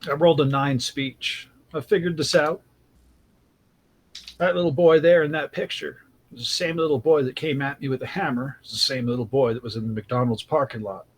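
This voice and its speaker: A man's voice: medium pitch, steady tone, fairly quick, slight background noise. A man playing a tabletop horror game, laid-back and matter-of-fact. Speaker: player. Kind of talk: tabletop role-play.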